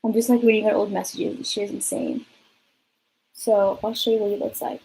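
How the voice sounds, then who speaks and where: Young woman, casual storytime vlog, mellow voice, blunt and chatty, faint background hiss. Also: mid-range voice, steady tone, fairly quick, vocal fry, rough recording. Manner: chatty, blunt, swears freely. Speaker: vlogger.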